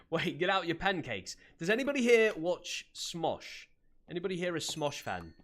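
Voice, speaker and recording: A man's voice: on the high side, big pitch swings, normal speed, fairly bright tone. Chatty man streaming in character. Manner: chatty, laughs often, greets viewers by name; puts on an accent for his character. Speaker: streamer playing a roleplay character. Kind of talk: live gaming stream chat in character.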